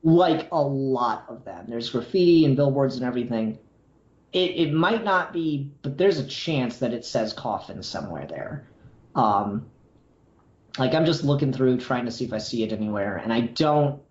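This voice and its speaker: A man's voice: mid-range voice, animated, moderate pace, darkish tone. A man co-hosting a podcast, talking casually and hesitantly about comics. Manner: hesitant, lots of fillers and restarts. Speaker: podcast co-host. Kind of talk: casual comic book discussion. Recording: echoey, dull lo-fi room sound.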